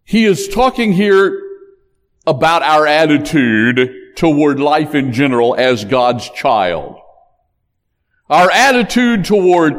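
A man preaching in a large church sanctuary, his voice sitting a bit high and moving through a wide, lively melody. He talks slowly and deliberately, leaning hard on the words he wants to stress. The room carries a long, lingering reverb. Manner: emphatic, preacherly cadence that rises on key points. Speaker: pastor. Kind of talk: sermon.

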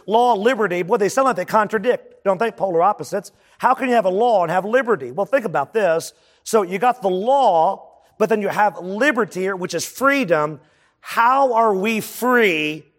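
A man's voice: high voice, big-room sound. A man preaching a sermon as a pastor, in a conversational style, often asking the congregation questions.

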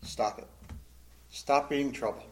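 A man's voice: medium pitch, steady tone, takes it slowly, a little mellow. A man preaching a Bible-teaching sermon in a conversational way, often asking the congregation questions and repeating words as he goes. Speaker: pastor.

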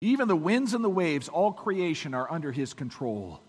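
A man preaching a sermon as pastor, his voice weakened this morning, swinging from hushed moments to emphatic peaks. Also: a little high, very animated, normal speed, breathy edge, long reverb tail. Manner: dramatic swings from quiet to emphatic. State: weak voice.

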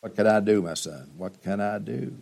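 A male preacher voicing an old blind father who speaks slowly and heavily, resigned. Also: lowish voice, creaky, darkish tone. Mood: sorrowful.

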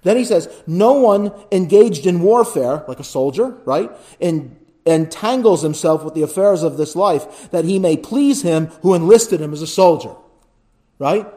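A man preaching a sermon as pastor, building to loud emphatic repetitions, then dropping to quiet pleading, and often asking his listeners "right?". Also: high-pitched, animated, unhurried. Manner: asks the congregation "right?".

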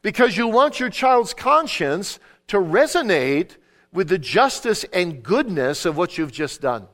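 A middle-aged man giving an earnest sermon-style talk on parenting, swinging between emphatic preaching and quiet storytelling. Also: sits high, very animated. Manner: quotes scripture with measured emphasis. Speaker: conference speaker on parenting.

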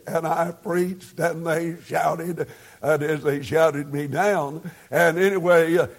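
Slow, folksy older preacher. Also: male voice, on the high side. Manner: slow, homespun storytelling with frequent "uh" pauses. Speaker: pastor. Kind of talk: sermon with folksy anecdotes.

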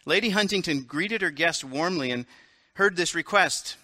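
A pastor delivers a sermon, reading a story aloud with a bright, forward voice. He tosses in casual, self-correcting asides. The sound is close and dry, pitched a bit high for a man. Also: moderate pace, no room sound.

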